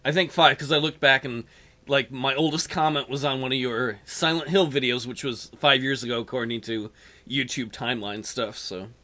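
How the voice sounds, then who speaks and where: Casting: man podcast co-host, bright tense tone, casual joking chat, a little tired. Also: mid-range voice, steady tone, normal speed.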